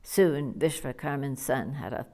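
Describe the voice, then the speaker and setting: A woman narrating an audiobook of a retold scripture in a measured, deliberate way. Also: extremely low pitch, mellow.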